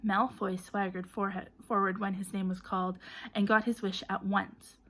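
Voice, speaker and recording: A woman narrates an audiobook in a bright, forward voice. She reads in a lively way and gives called-out names and shouts plenty of energy. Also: medium pitch, normal speed, a little hiss or hum. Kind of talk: storybook narration.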